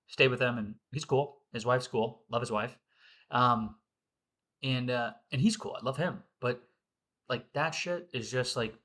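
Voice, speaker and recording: A man's voice: medium pitch, bright, forceful tone. A man in his twenties venting in a casual monologue, heated and profane, repeating himself. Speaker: vlogger.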